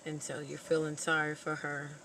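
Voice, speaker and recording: A woman vlogger casually retelling a movie plot in an animated, expressive storytelling manner. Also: low-pitched, moderate pace, a little hiss or hum, poor audio.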